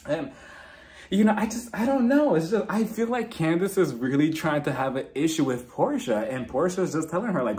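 Lively, chatty male reality-TV reviewer. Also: fairly high pitch, normal speed. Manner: chatty, animated, laughs often. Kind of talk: casual recap commentary.

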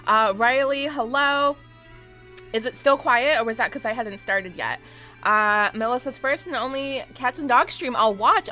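A young woman live-streaming a game, chatting casually, gushing and greeting her viewers in quick bursts, sometimes squealing with excitement. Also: fairly high pitch. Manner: squeals loudly when excited. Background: faint game music.

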